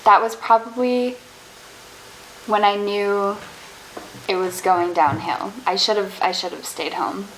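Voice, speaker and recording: A woman's voice: medium pitch, a little hiss or hum, poor audio. Young woman telling self-deprecating stories. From Canada. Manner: fast, animated and self-deprecating storytelling. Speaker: vlogger. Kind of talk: casual storytime.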